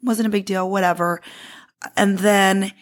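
A woman's voice: mid-range voice, fairly even intonation, unhurried. A woman in her thirties hosting a podcast, telling a story from her own life in a casual, candid way and swearing freely. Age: 30s. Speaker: podcast host.

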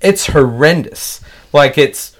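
A man's voice: a little high, animated, slow. A man hosting a casual podcast chat, easygoing, often chiming in with short agreements.

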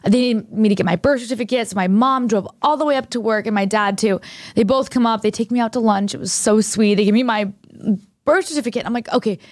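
A young woman co-hosting a podcast tells a story in casual chat, acting out both sides of each conversation. She talks fast in a slightly high, somewhat mellow voice, recorded with clean studio sound and no room sound.

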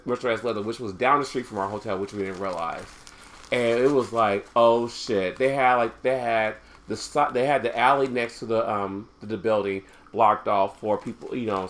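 A man co-hosting a casual chat, recounting a trip in a rambling way with many restarts. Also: mid-range voice. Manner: rambling, with frequent restarts and fillers. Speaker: podcast co-host.

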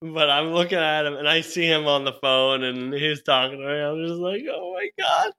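A man's voice: a little high, steady tone, moderate pace, sharp tone, smooth. A young man telling a rambling story in casual chat, full of fillers, restarts and laughs. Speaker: podcast co-host telling a story.

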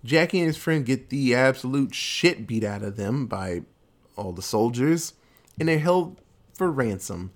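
A man casually recapping a movie plot in a loose, animated way, with lots of fillers and some swearing. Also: medium pitch, measured pace.

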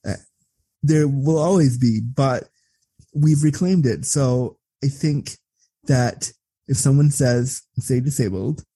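A man talking as an interview guest, blunt and profane, telling stories in a candid, animated way. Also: mid-range voice, takes it slowly, slightly rough, no room sound. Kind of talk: candid conversational storytelling.

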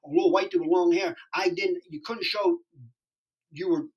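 A middle-aged man from Youngstown, Ohio, telling stories in an interview, profane, rambling and excitable. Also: high voice, normal speed, slightly rough. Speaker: actor being interviewed. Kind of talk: casual storytelling interview.

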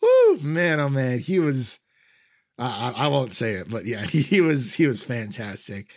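A man's voice: mid-range voice, huge pitch swings, unhurried, darkish tone, no room sound, studio quality. A man chatting casually about a film, rambling with many fillers and frequent laughs. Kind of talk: casual film review chat.

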